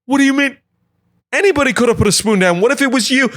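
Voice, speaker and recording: A man voicing a clueless suburban husband who whines defensively in a high pitch. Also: fast talker, a bit bright, no echo. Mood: flustered.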